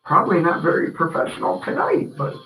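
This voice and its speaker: A man's voice: fairly high pitch, wildly swooping pitch, brisk, bright, forceful tone. A man hosting a casual podcast chat, laid-back and swearing freely, often laughing. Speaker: podcast host. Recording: roomy echo.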